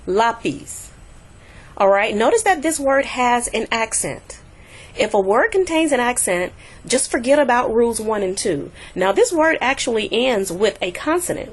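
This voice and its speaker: A woman teaching a recorded language lesson, patiently repeating example words slowly to show the stress. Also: a little high. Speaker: Spanish teacher.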